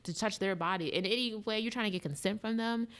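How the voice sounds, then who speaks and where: A woman from guesting on a podcast, telling stories in a blunt, profane, animated way. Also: mid-range voice, quick pace, clean tone. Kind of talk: casual chat.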